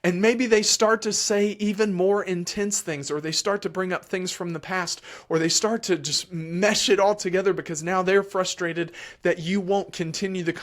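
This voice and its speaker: A man who is a child therapist, answering parents' questions live in a calm, emphatic way and repeating key phrases. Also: a little high. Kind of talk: live Q&A advice.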